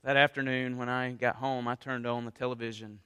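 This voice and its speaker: A man preaching a sermon with passion, going from quiet talk to loud appeals. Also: medium pitch, level tone, a little fast, smooth, big-room sound. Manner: impassioned, rises from quiet to loud. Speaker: pastor.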